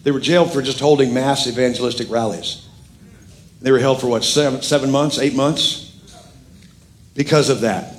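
A man's voice: mid-range voice, moderate pace, long pauses. A middle-aged male pastor preaching a sermon, telling a story with jokes and acting out the other people's lines. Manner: animated, jokey storytelling with quoted voices.

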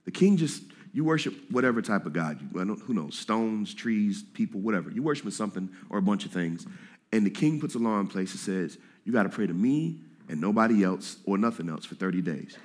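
Animated, casual-talking male preacher. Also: fairly low pitch, a little fast. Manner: animated, conversational preaching with slang. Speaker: pastor. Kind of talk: sermon. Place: church hall with congregation.

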